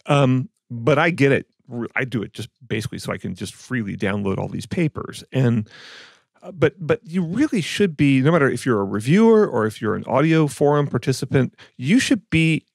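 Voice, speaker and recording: A man's voice: mid-range voice, very animated, moderate pace, vocal fry, dry recording, clean studio sound. A man co-hosting an audio podcast, casually and skeptically picking apart claims, rambling with restarts. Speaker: podcast co-host, audio reviewer. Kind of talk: casual chat.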